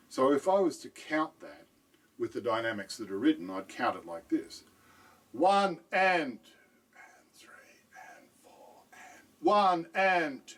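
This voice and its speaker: A man's voice: medium pitch, slightly rough, distant mic. A man teaching drum technique in a patient video lesson, often checking in with "right?".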